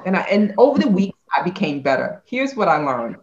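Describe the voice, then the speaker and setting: A woman, a company CEO, telling a story in a casual interview, animated and laughing often. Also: on the low side, a little fast, dull audio.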